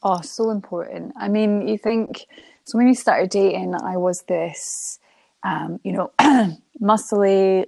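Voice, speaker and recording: A young woman, a guest in an interview, chatting warmly about her life and laughing often as she tells a story. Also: fairly low pitch, creaky, no room sound. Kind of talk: emotional interview conversation.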